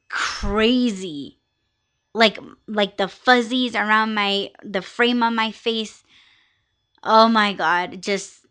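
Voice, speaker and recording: Bright-voiced young woman ranting casually. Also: mid-range voice, smooth. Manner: candid, profane, rambling with lots of fillers. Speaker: podcast host. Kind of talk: casual solo podcast chat.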